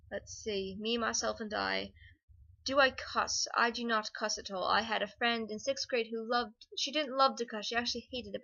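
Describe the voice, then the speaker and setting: A woman's voice: on the high side, creaky, sharp tone, muffled recording. An American woman vlogging in a put-on British accent, bubbly and chatty, answering viewer questions with giggles. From United States. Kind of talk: casual Q&A vlog.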